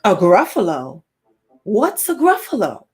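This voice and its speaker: A woman's voice: mid-range voice, huge pitch swings, measured pace, a little mellow, soft background music. A woman voicing a sly, hungry male snake in a storybook read-aloud, drawling.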